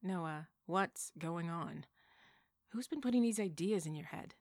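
A woman's voice: fairly low pitch, expressive, a little slow, darkish tone, no room sound. A woman voicing a teasing, protective young woman who questions her twin brother in a storybook reading. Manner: teasing, demanding.

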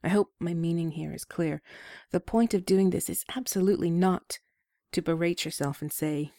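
A woman hosting an advice show, talking gently and self-deprecatingly, with small laughs between points. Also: fairly low pitch, normal speed, no room sound, clean studio sound. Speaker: advice podcast host. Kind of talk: scripted advice talk.

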